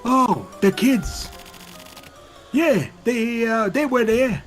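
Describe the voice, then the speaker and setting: Guy doing a creaky old witness, rambles and wanders off topic, high and sing-songy. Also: animated, moderate pace, soft background music. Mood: rambling.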